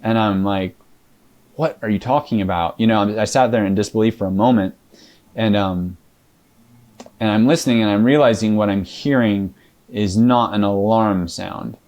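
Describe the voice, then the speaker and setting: A man with a fairly low voice recounts his experience to an interviewer. He talks casually and rambles, leaning on fillers and restarting his sentences. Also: steady tone, moderate pace, darkish tone. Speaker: interview guest.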